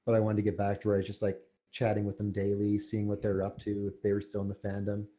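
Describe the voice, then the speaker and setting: A young man with a low, mellow voice talks through his story in a loose, rambling way, full of fillers. His pitch stays fairly flat as he chats on a podcast. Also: quick pace. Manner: relaxed, rambling with many fillers. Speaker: podcast guest, fan fiction writer. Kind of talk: casual interview chat.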